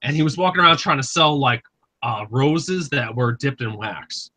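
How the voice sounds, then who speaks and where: A man's voice: medium pitch, lively intonation, moderate pace, sharp tone, rough recording. A man casually telling rambling, profane stories on an online group call, acting out the dialogue. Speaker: host.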